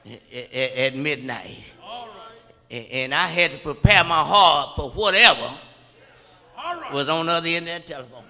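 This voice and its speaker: A man preaching a sermon, stammering through repeated words and building from quiet talk up to loud shouts. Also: on the high side, moderate pace, long pauses. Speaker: pastor. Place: church sanctuary. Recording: long reverb of a church hall.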